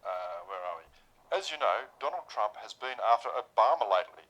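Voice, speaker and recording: A man co-hosting a casual radio show, making dry wisecracks and reading stories out haltingly. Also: fairly low pitch, animated, fairly bright tone, low-quality recording. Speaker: radio co-host.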